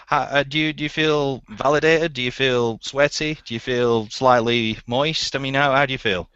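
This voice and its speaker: A man's voice: medium pitch, fairly even intonation, moderate pace, fairly bright tone, smooth, no room sound. Giggly, rambling male interview host. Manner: giggly, rambling, stumbling over words. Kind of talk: casual chat. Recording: dull, dry lo-fi audio.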